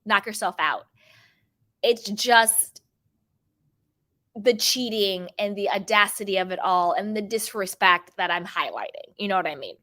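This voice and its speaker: A woman's voice: mid-range voice, unhurried, sharp tone. A woman hosting her own channel, giving chatty, emphatic commentary on reality TV gossip and repeating phrases for stress. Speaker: host of a pop culture channel.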